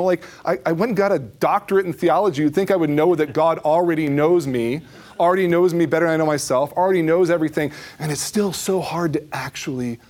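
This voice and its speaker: A middle-aged man giving a conversational talk on prayer and adoration, with frequent asides to his listeners. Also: a little high. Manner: conversational, animated, with asides like "right?". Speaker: Catholic speaker on the Eucharist.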